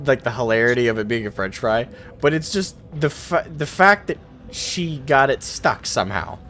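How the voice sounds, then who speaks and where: A man's voice: medium pitch, normal speed. Man streamer telling stories in voice chat. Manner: animated storytelling, swears freely. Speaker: streamer host. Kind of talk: casual voice chat while gaming.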